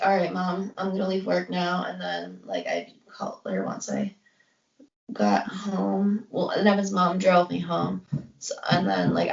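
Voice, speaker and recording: Young woman, podcast co-host, rambling casual storytelling, constant "like", gravelly fry, roomy distant dull recording. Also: fairly low pitch. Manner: rambling, heavy use of "like", acts out quotes.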